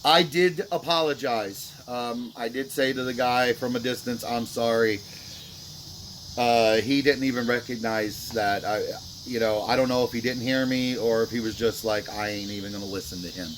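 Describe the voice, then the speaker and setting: A man's voice: medium pitch, steady tone, moderate pace, a bit bright, slight background noise. A man vlogging about a mistake at a dice table, talking in a remorseful, rambling way full of fillers. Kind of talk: casual talk to camera.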